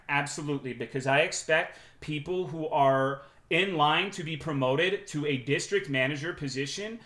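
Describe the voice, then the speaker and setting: A man's voice: fairly high pitch, sharp tone, echoey room. Profane, sarcastic male streamer. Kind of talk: casual livestream storytelling.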